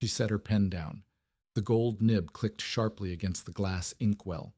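A man with a low voice reads a novel aloud, measured and steady as he builds each scene. The recording is dry and close, with no room around it. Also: husky, no echo. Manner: measured, descriptive storytelling. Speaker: narrator. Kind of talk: scripted narration.

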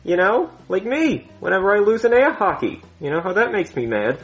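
A man's voice: sits high, very animated, brisk, faint music behind. A man playing a boastful, blustery therapist in a comedy skit. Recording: dull lo-fi sound.

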